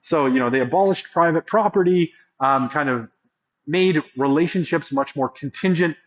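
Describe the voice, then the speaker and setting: A man's voice: a little high, normal speed, rough recording. Rambling, chatty male lecturer. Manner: chatty, rambling, many fillers and asides. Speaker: sociology lecturer. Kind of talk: classroom lecture.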